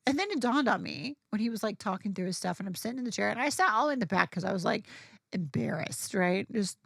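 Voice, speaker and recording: Woman, gravelly voice, candid profane storyteller, casual podcast chat, dry close sound. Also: medium pitch, lively intonation, fast, a bit bright, no echo. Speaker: podcast guest.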